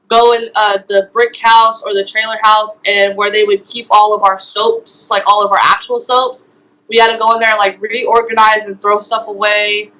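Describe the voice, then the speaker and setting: Bright-voiced young woman recounting. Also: mid-range voice, poor audio. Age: young adult. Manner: hesitant, many ums and likes. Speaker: guest, former resident. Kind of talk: interview testimony.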